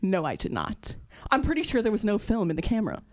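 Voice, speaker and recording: A woman in her thirties co-hosting a podcast, telling a story in a lively, casual way and acting out what other people said. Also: mid-range voice, quick pace. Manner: lively storyteller who acts out quoted voices. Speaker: podcast co-host.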